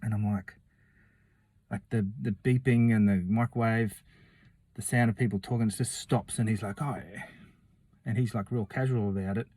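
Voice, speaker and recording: A man's voice: fairly low pitch, a little mellow, dry recording. A man telling a rambling, casual story, swearing freely and acting out what other people said.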